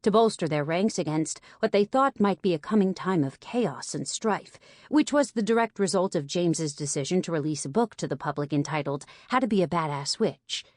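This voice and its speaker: A woman narrating an audiobook in an even, clear storytelling manner. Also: fairly low pitch, normal speed, few pauses, no room sound, clean studio sound. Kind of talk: scripted narration.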